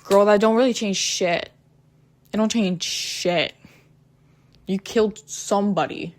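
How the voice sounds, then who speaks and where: Speaking at a medium pitch and a slightly slow pace, a woman retells a true crime case in a relaxed way. Hesitant throughout, she stumbles, restarts, and says "um" frequently, breaking in with blunt profanity.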